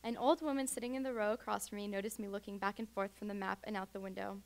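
A woman's voice: mid-range voice, fairly even intonation, fast. A young adult woman reading her first-person story aloud at a graduate student reading.

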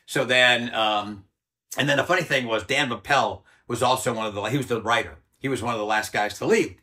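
In his sixties, this former soldier sits as an interview guest and tells a story bluntly, swearing a lot and acting out the voices he quotes. His mid-range voice comes fast, pushed and bright.

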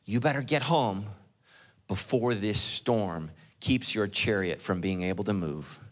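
A middle-aged man, preaching a sermon and acting out the story with lively, animated delivery and direct questions to the congregation. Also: a little high. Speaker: pastor.

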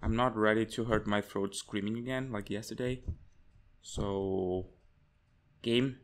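This young man hosts a horror game let's play for his gaming channel, reading notes aloud in a lowish, unhurried voice. He's jumpy and excitable, yelping and swearing whenever something startles him.

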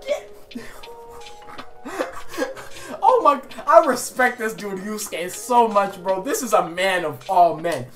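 A woman hosting a casual anime reaction video, excitable and slangy, talking back at the screen with frequent exclamations and laughter. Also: mid-range voice, unhurried, few pauses, soft background music. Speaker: reaction channel host.

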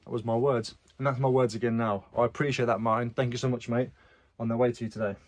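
A man's voice: medium pitch, little pitch movement, fast talker, a little hiss or hum. A young British man chatting casually about his resale sales, swearing now and then and reading buyer messages aloud. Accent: British English. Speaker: reseller vlogger. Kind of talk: casual chat.

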